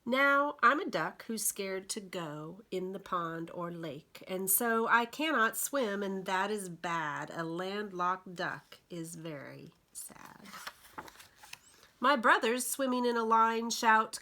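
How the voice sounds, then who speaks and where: A woman librarian reading picture books aloud to young children, gentle and expressive. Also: medium pitch, takes it slowly. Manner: gentle, expressive storyteller for toddlers.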